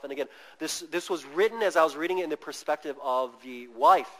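A man preaching a sermon in an animated way, acting out quoted voices as he tells stories. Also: fairly high pitch, a little fast, few pauses. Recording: long reverb of a large hall.

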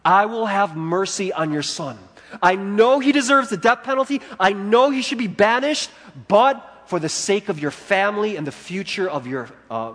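An ancient king declares mercy with firm, reassuring authority, as a preacher speaks for him. The voice is fairly high and carries a long reverb like a big hall. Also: a bit bright.

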